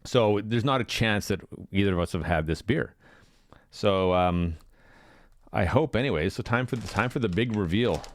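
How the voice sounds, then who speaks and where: A man with a lowish voice co-hosts a laid-back podcast, rambling and laughing as he goes. He swears casually and keeps the talk loose. The sound is close and dry, with no room around it. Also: normal speed, dry recording. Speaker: podcast co-host. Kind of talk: casual chat.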